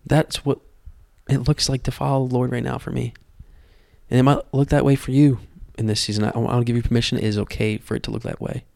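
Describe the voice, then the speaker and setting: A young man hosting a podcast, telling his personal testimony in an earnest, halting way that often repeats words. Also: medium pitch, level tone, creaky, a little mellow, dry recording, clean studio sound. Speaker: podcast host.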